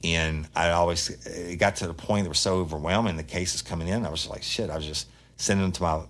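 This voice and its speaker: A man's voice: low voice, steady tone, fast, a bit bright. A man hosting a true crime podcast, talking bluntly and heatedly in a casual monologue, swearing freely.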